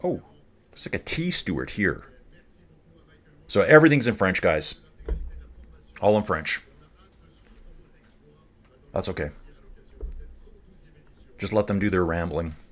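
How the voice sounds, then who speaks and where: A man's voice: deep voice, expressive, slow, pauses often, fairly bright tone. Guy doing a chill cycling stream at his webcam, rambly and jokey, just chatting. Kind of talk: casual live-stream commentary.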